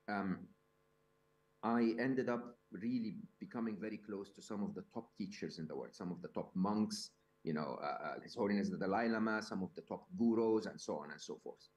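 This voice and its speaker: A man's voice: lowish voice, fairly quick, a little mellow. A man speaking to a live audience at a summit, conversational, with lots of fillers, restarts and rhetorical questions. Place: event hall.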